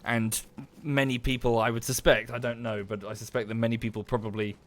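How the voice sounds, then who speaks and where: Estuary english guy streaming a game, chatty, thanks chat by name, swears at stuff, average pitch. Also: little pitch movement, a little fast. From southern England. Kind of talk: casual livestream commentary while gaming.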